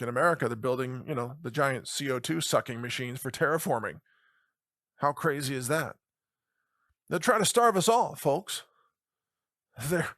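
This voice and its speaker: A man's voice: medium pitch, fairly bright tone, dry recording, clean studio sound. A middle-aged man giving a sarcastic commentary monologue as a podcast host, mocking and chuckling often between remarks.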